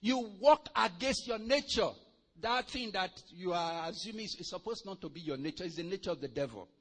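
A man preaching a sermon, reading scripture slowly and then breaking into animated, sometimes shouted exhortation with laughter. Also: high voice. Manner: animated, swings from quiet to loud and laughing.

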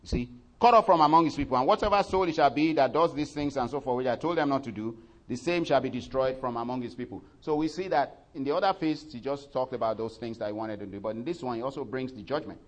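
A man preaching a sermon, voice climbing loud and high when he reads scripture, then dropping soft for his asides, with frequent fillers and self-corrections. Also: fast.

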